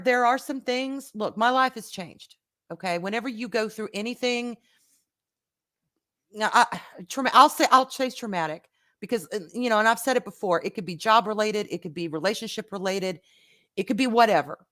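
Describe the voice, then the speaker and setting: Hosting a live vlog, this woman speaks with heartfelt, casual sincerity, welcoming viewers by name and frequently restarting with repeated words. Her voice leans high and fairly bright, at a moderate pace.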